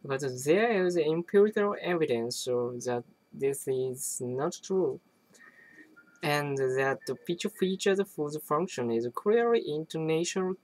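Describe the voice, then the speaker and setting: A person reading an academic text aloud, halting often to restart and correct words. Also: medium pitch, low-quality recording. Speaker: reader.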